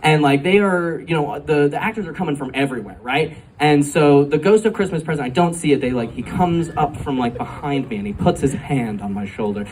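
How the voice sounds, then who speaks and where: A man's voice: a little high, lively intonation, brisk, few pauses, a little mellow. A man in his twenties doing a stand-up comedy set, telling a rambling story full of "like" and frequent giggles. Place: comedy club stage. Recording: distant live club recording, faint room noise.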